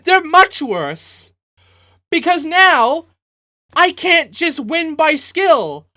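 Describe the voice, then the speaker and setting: Cursing let's play host, really animated pitch, bright tone, takes it slow. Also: no room sound. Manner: profane, exasperated ranting. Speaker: gaming video host.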